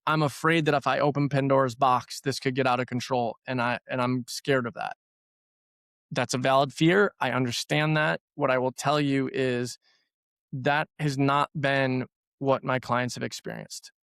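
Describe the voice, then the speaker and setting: A man's voice: medium pitch, fairly even intonation, moderate pace, a bit bright, clear, resonant tone, no echo, studio quality. A man who works as a trauma therapy practitioner, talking casually on a podcast and repeating words for emphasis.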